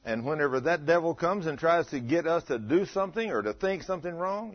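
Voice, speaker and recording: Animated male preacher in his 50s, husky, muffled lo-fi sound. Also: a little high, a little fast. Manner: animated, acts out dialogue, laughs with listeners. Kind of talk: storytelling sermon. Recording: dull lo-fi recording.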